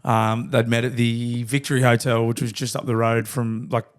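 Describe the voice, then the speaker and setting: Laddish young Australian podcast co-host, casual storyteller, drops constant expletives. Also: male voice, mid-range voice, flat delivery, normal speed. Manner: laddish, swears a lot, acts out quoted lines.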